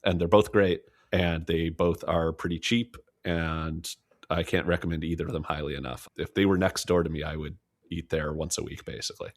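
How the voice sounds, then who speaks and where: A man's voice: low voice, fairly even intonation, moderate pace. A man co-hosting a casual podcast, giving enthusiastic, joking restaurant recommendations. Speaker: podcast co-host. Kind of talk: casual chat.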